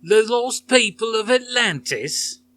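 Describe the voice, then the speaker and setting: A man's voice: high voice, animated, slow pace, a bit bright, voice pushed up, full character voice. A man reading aloud, voicing a mocking bearded male heckler who puts on a fake English accent.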